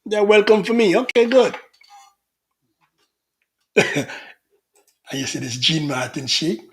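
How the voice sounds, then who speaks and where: A man's voice: high-pitched, big pitch swings, slow. A middle-aged man hosting a casual livestream, reading out viewer comments in a chatty, teasing manner. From Jamaica. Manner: chatty, teasing, laughs often.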